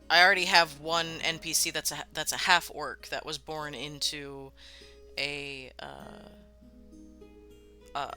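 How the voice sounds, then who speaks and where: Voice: medium pitch, sharp tone. A streamer hosting a live worldbuilding show, chatting loosely with viewers and swearing freely. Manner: loose and casual, swears freely, many fillers. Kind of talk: casual live-stream chat, answering viewer comments.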